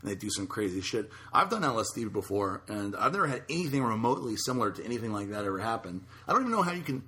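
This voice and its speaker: A man's voice: fairly low pitch, sing-song, rapid-fire, pushed and bright. A man hosting a podcast in casual chat, talking in a loose, blunt way with casual swearing. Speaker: podcast host.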